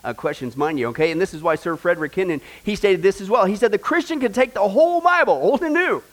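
High-voiced animated preacher man. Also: quick pace. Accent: American. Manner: animated, emphatic, asks the audience questions. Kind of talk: sermon with humor.

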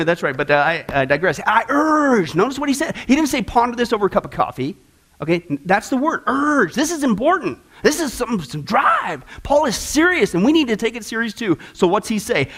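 A middle-aged man teaching a discipleship class in a casual, animated way, often asking the class questions. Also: high-pitched.

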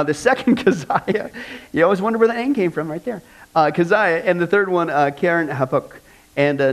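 A man with a high-pitched voice leads a lively Bible lesson. He talks in a casual, joking way and builds to energetic, exhorting bursts. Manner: animated, jokey, conversational preaching. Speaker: Bible study teacher.

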